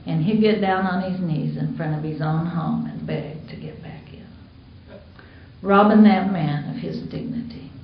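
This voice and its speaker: An American woman shares her story as an Al-Anon speaker in a meeting hall, candid and storytelling, acting out quoted dialogue. Her voice is fairly low at normal speed, captured in a roomy, dull conference recording.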